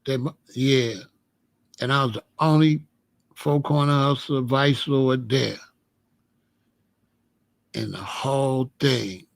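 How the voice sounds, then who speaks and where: A man hosting his own channel, telling a story in a casual, animated and profane way and laughing as he goes. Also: mid-range voice, takes it slowly, creaky, long pauses, no room sound.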